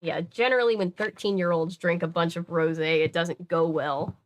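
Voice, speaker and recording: A woman's voice: fairly low pitch, fairly even intonation, moderate pace, a little hiss or hum. A woman reading a novel aloud, breaking off for rambling, casual asides. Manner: chatty, rambling asides with fillers. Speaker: book reader.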